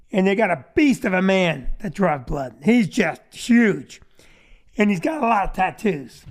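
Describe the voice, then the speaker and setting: A man in his fifties hosting a podcast, telling a comic story with self-deprecating asides. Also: sits high. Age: 50s. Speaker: podcast host. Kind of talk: comedic storytelling monologue.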